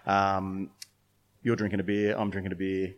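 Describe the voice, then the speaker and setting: A man's voice: deep voice, flat delivery, moderate pace, highs cut off. A middle-aged man, a brewer and beer judge, telling stories in a casual interview with lots of restarts and fillers. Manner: rambling storytelling with many restarts and fillers.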